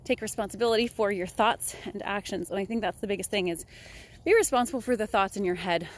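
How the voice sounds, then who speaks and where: A woman's voice: mid-range voice, quick pace. A young woman talking casually and upbeat in a motivational vlog, chatting while walking outdoors. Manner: chatty, upbeat, laughs often. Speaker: vlogger.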